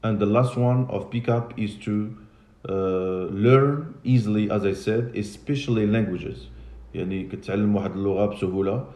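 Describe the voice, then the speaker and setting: A Moroccan man with a fairly low, dark-toned voice talks fast with fairly even intonation while teaching an English class. He patiently repeats and spells out words, switching into Arabic and French, and the classroom sounds echoey.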